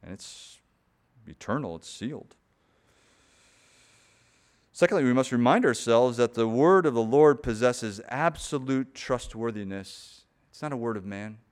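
A man's voice: medium pitch, expressive, measured pace, long pauses. A man preaching a sermon in an earnest, emphatic way, pressing key points harder and often repeating words as he builds them.

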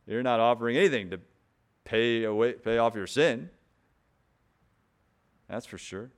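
A man's voice: mid-range voice, a little slow. A man preaching a sermon in an earnest, emphatic way, pressing key points harder and often repeating words as he builds them.

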